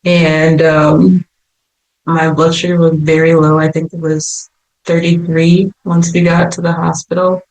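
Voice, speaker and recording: A woman's voice: low-pitched, measured pace. Young woman telling her story, roomy sound. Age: young adult. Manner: animated, laughs while telling her story. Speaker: podcast guest. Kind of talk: casual storytelling. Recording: roomy echo.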